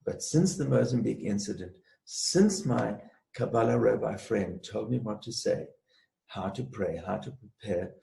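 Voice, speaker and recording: A man telling a personal story as a guest in an interview, in a measured storytelling way. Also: lowish voice, gravelly, warm tone, echoey room, poor audio. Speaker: guest, space clearer and healer.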